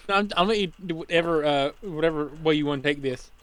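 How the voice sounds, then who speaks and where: Young male co-host, easygoing, hesitant, slightly higher pitch. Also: normal speed, a bit bright, smooth. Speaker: podcast co-host. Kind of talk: casual podcast banter.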